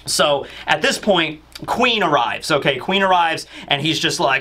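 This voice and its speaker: A man talks through a story recap in a loose, rambling way, leaning on fillers as he goes. His voice is bright and a touch high for a man, and the delivery is relaxed and chatty. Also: unhurried, hardly any pauses. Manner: rambling, filler-heavy retelling. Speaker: manga reviewer, channel host. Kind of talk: casual recap commentary.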